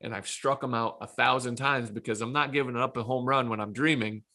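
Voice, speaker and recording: A man, a former pitcher, telling a long personal story in a casual podcast chat, acting out his own past lines. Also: fairly quick. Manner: animated anecdote telling, self-quoting.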